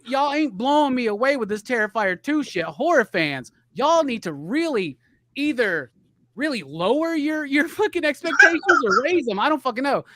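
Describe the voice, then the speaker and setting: A middle-aged man on a live podcast, ranting with a profane, rambling heat. His pitch swings widely as he gets worked up. The recording is dry and close. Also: big pitch swings, moderate pace, a bit bright, no echo. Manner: profane, heated, rambling rant. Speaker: podcast co-host.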